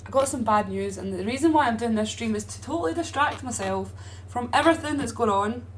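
A woman's voice: fairly high pitch, animated, brisk, slight background noise. A young woman chatting casually and bluntly to her viewers on a live stream, swearing freely, into a streaming microphone at home.

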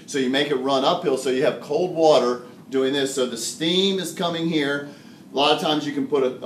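This male high school chemistry teacher lectures with a medium-pitched voice, joking and animated, laughing often as he explains. He's recorded from far off in a roomy classroom with slight background noise.

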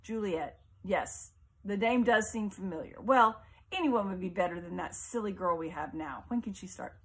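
A woman's voice: mid-range voice, normal speed, husky. Woman voicing a frail, imperious mother. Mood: fretful. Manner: plaintive then sharp and suspicious.

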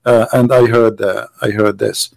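A man's voice: on the low side, flat delivery, a little slow, vocal fry, very noisy. A man hosting a debate call, mocking and teasing the caller and repeating his points for emphasis. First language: Arabic. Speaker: debate host. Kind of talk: casual online debate call.

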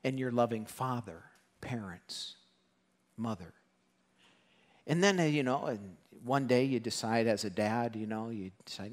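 A man preaching a sermon to a congregation, animated and joking, acting out quoted voices. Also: medium pitch, a little slow, in a large hall. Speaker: pastor. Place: church hall.

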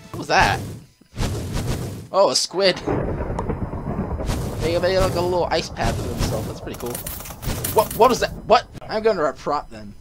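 Brief: excitable male gaming host, high and very animated, game music behind. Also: unhurried, pauses often. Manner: excitable, yelps and shouts when in danger. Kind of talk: gameplay commentary.

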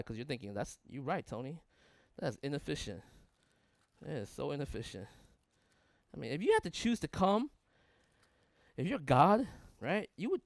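A man's voice: on the high side, no room sound, studio quality. Conversational male pastor, rhetorical and emphatic. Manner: conversational preaching with rhetorical questions and frequent "right?"; builds long emphatic lists. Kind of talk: sermon.

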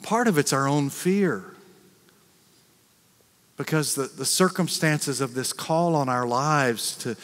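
A man with an American accent, a pastor preaching a sermon in a conversational way, acting out quick reactions and repeating words. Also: fairly high pitch, a bit bright. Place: church sanctuary. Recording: long reverb of a large church.

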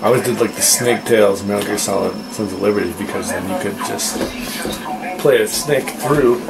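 Young guy grumbling thru his gameplay, sarcastic, loud game music behind him. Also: on the low side, fairly quick, creaky, low-quality recording. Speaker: gamer. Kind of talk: gameplay commentary.

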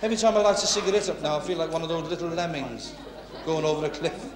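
On stage at a working men's club, a comedian from Liverpool rattles along in a voice on the high side. He keeps it brash and bantering, chatting with the people in the room. The club hall is echoey, with background noise.

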